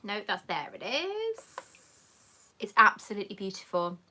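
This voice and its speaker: A woman's voice: mid-range voice, big pitch swings, normal speed, pushed and bright, a little hiss or hum. A woman hosting a casual live chat, reading viewer comments aloud and calling people darling. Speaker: YouTube host answering live chat questions.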